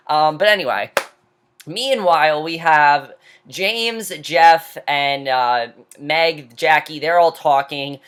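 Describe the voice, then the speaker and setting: A woman's voice: low-pitched, animated, unhurried, a bit bright, slight background noise. Opinionated woman recapping a reality show. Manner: opinionated, with frequent fillers and restarts. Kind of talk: casual recap commentary.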